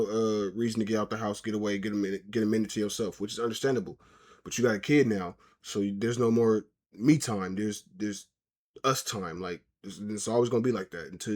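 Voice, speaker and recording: A man with a fairly low voice gives blunt opinions in an easy, slangy commentary style, lecturing as if talking straight to the person on screen. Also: darkish tone. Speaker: reaction commentator. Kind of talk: casual commentary.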